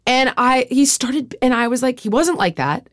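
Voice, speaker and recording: A woman's voice: high-pitched, expressive, moderate pace, fairly bright tone, dry recording, studio quality. A middle-aged woman hosting a podcast, speaking frankly and confessionally, often saying "like" and swearing freely. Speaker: podcast host. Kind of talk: candid personal conversation.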